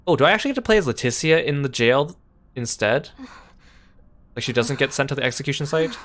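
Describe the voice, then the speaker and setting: A man's voice: medium pitch, lively intonation, fast talker, fairly bright tone. A man hosting a let's play, making wry, chatty remarks about the story. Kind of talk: casual game commentary.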